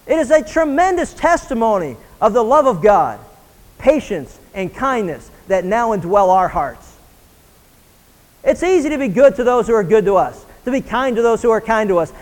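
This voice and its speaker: A man's voice: very high voice, in a large hall, poor audio. A man preaching a sermon as a pastor, earnest and rising in intensity on key points. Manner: earnest preaching, rising and pressing when emphatic.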